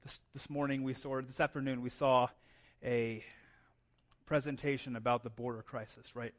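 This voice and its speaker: A man's voice: medium pitch, flat delivery, normal speed. A man in his thirties preaching a sermon in a conversational way, often adding "right?" and repeating words as he goes. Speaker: pastor.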